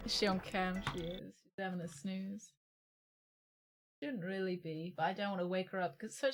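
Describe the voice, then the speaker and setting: A woman's voice: medium pitch, pushed and bright. A woman chatting casually on a live stream while playing a game, answering viewers' comments as she goes. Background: game music.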